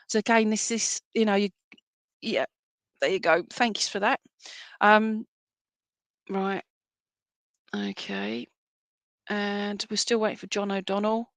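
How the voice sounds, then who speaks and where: This medium, giving spirit readings at a church service broadcast live, has a mid-range, slightly bright voice with no echo. Her tone is affectionate and soothing, and "all right?" comes up often as she checks on her listeners.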